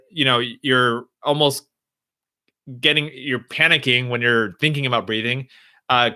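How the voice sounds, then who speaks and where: A young man answering viewers' questions on a live stream, speaking gently and reassuringly, thinking aloud as he goes. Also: mid-range voice.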